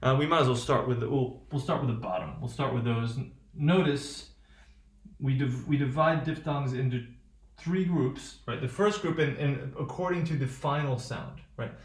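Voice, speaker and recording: A man teaching a phonetics lesson on video, often pausing to ask "right?" as he explains. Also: medium pitch. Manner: halting, checks in with "right?". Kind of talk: recorded lecture. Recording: roomy echo.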